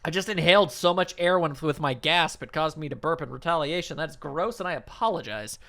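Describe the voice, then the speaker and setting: A woman playing a game and joking through it in animated, comedic commentary. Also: sits low, fairly quick. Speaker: let's play host.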